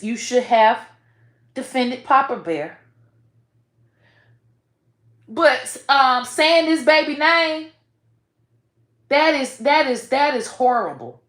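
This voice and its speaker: Blunt, profane woman in an echoey room. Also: sits high. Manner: blunt, profane and animated, with sudden loud outbursts. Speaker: online commentator. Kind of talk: casual commentary.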